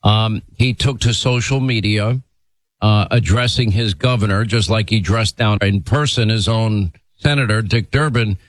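A male talk radio host opening a segment and questioning a guest in a brisk, emphatic delivery. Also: on the low side, no echo. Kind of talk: talk radio monologue and interview.

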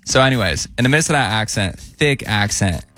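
A man's voice: on the low side, expressive, fairly quick, pushed and bright, faint music behind. A man in his thirties hosting a radio show, telling a story in a teasing way and laughing often. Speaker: radio morning show host. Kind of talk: casual radio banter, storytelling.

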